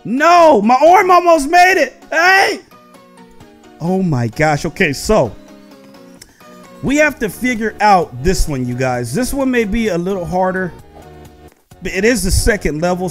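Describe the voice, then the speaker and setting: A man hosting a gaming video, chatting casually and excitably to his viewers as he plays. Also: sits high. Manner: excitable, talks straight to viewers. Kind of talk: casual gameplay commentary.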